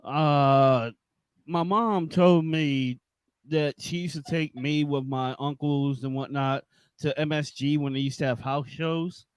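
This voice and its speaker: A man with a slightly high voice speaks on a dry close mic, telling his stories in a laid-back, joking way. He is a veteran pro wrestler guesting on a casual podcast. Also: steady tone, slow pace, clear, resonant tone, no echo, low-quality recording. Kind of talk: casual interview chat.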